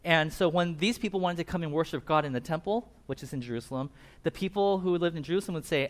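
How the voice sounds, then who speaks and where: Male pastor, slightly high voice, casual sermon, animated storyteller who acts out characters in brief asides. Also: quick pace. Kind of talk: casual sermon retelling a Bible passage.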